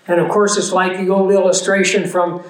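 High-voiced preacher in an echoey room. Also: male voice, flat delivery, normal speed. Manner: conversational, storytelling, earnest. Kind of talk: sermon with personal anecdote.

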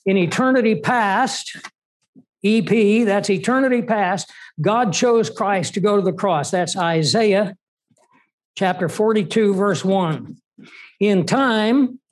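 A man preaching a sermon in an emphatic way, asking rhetorical questions. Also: sits high.

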